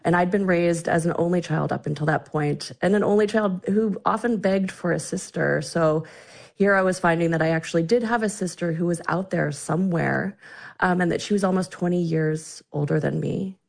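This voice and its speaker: A woman's voice: on the low side, moderate pace, gravelly, a little mellow. A woman in her forties, an author being interviewed on the radio, telling a personal family story in an earnest, reflective way with frequent restarts. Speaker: author and guest.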